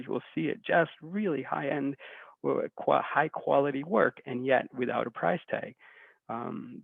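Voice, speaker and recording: A man giving a talk, telling a story in an animated way and acting out the people he quotes. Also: a little high, creaky, dry recording. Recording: tinny phone-like sound, dry.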